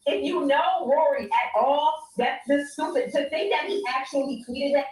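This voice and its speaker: A woman's voice: high voice, moderate pace, a little mellow, reverberant, rough recording. A woman giving candid, blunt commentary in a casual podcast conversation.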